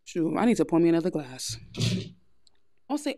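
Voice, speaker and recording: A woman's voice: fairly low pitch, lively intonation, fast talker, a little mellow, dry recording, clean studio sound. Blunt New York woman giving advice. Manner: blunt, frank big-sister advice. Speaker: podcast host. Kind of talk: casual advice monologue.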